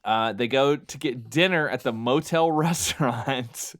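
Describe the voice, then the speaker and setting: A man's voice: mid-range voice, unhurried, a bit bright. A man co-hosting a podcast, recapping a film in casual chat with lots of fillers and restarts, often laughing as he talks. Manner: amused, laughs while talking. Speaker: podcast co-host.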